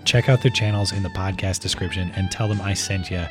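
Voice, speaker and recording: A man hosting a podcast, hoarse and scratchy after losing his voice, talking casually. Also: low voice, brisk, music in the background. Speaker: podcast host.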